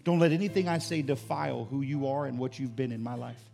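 Gravelly preaching man over soft music. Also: mid-range voice, fast talker. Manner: preaching with rising, emphatic bursts. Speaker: pastor. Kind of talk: sermon.

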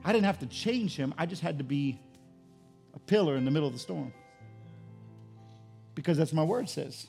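Male pastor preaching, somewhat high and gravelly, emphatic, faint music underneath. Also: animated, moderate pace, pauses often, darkish tone. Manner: preaching with rising, emphatic bursts. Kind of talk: sermon.

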